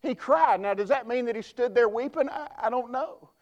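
Pastor, man, high voice, folksy, emphatic, stumbling restarts, sermon. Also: moderate pace, a little mellow, dull audio.

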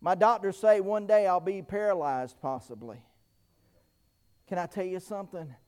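A middle-aged preacher man with a very high voice. He preaches with bursts of shouting and many amens, stumbling over restarts. He pauses often, short of breath. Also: clear, resonant tone. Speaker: pastor. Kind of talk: sermon.

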